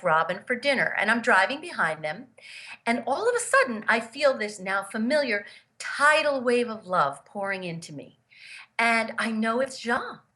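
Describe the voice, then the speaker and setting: A woman telling personal stories as a guest in an interview, earnest and emphatic, acting out the voices of the people she quotes. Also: a little high. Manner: lively storyteller who acts out the voices of the people she quotes. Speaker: guest, grief therapist and author.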